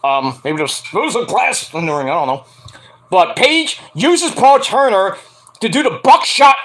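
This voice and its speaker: An animated man recaps a wrestling match in casual, profane talk. His voice sits high and bright. He keeps breaking into acted-out quotes between his ums. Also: low-quality recording. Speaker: wrestling reviewer.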